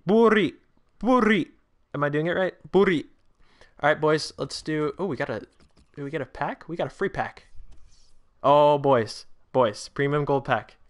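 Talking at a moderate pace in a slightly high voice, a nineteen-year-old man runs a casual livestream. He chats with his audience, reads their comments aloud, replies to the chat, and breaks into excited outbursts at big chances.

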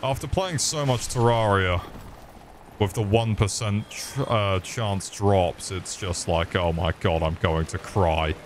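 A young British man giving live gameplay commentary, excitable and sweary as he chats with viewers. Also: lowish voice, a little hiss or hum. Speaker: streamer.

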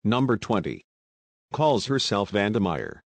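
A man's voice: fairly low pitch, big pitch swings, a little slow, no echo, full character voice. A man voicing a bold, playful young woman sleuth who talks in a breezy, conspiratorial way and puts on American slang. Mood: sly, breezy.

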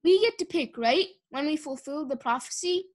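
A woman voicing a small, eager young female dragon in a storybook reading, squeaky and nervous. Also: expressive, moderate pace. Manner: squeaky, stammering when scared.

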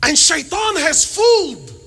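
High-pitched, bright-voiced preacher. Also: male voice, a little slow, vocal fry. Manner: animated, jokey, mixes Arabic phrases into English. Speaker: Islamic preacher. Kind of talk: lively humorous sermon.

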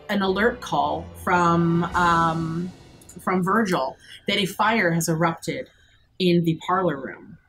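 A woman acting as game master, narrating a horror tabletop game with measured, vivid scene description. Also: lowish voice, fairly bright tone, poor audio.

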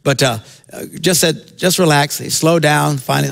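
Gravelly, animated man preaching. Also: a little high, normal speed. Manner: lively storytelling, jokey asides, bursts of shouting. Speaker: pastor. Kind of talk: sermon. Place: church sanctuary.

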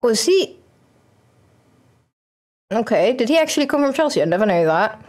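A young woman, streaming a football manager game and chatting excitedly at it. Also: fairly high pitch, normal speed. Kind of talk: casual game commentary.

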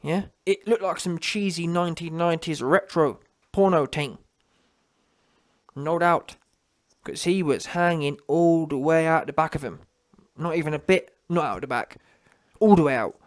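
A man's voice: on the high side, normal speed, pauses often. A young man ranting mockingly as a channel host, slipping into a whiny voice to mimic people. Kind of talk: ranting commentary.

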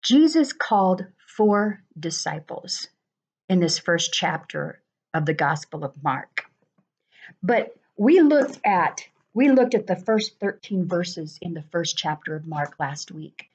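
A woman leading a Bible study, reading passages aloud and explaining them in a steady way. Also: lowish voice, slow pace, breathy edge. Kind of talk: explanatory teaching. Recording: dull lo-fi recording.

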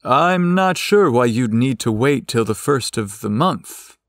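A man voicing a confident young man who speaks in a smooth, teasing way. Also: mid-range voice, lively intonation, a little slow, no room sound, clean studio sound.

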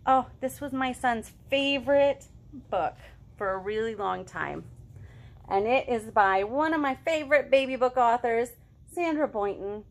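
Cheery storytime lady reading to little kids, high bright voice that bounces all over, sings and does animal noises. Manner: animated, sing-song, with sudden hushed whispers and animal sounds. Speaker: children's librarian leading storytime. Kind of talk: storytime reading and singing for young children.

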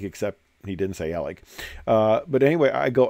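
A man's voice: medium pitch, expressive, a little fast, vocal fry, a little mellow, dry recording, clean studio sound. An older man and former military pilot, telling rambling stories over slides with lots of fillers. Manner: rambling storyteller with many fillers. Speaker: retired military pilot giving a presentation. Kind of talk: anecdotal presentation over slides.

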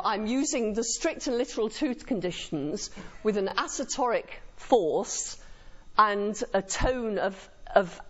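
A woman lecturer giving a university lecture to a live audience in a lecture room, engaging them with frequent tag questions. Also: mid-range voice. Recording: muffled lo-fi lecture recording.

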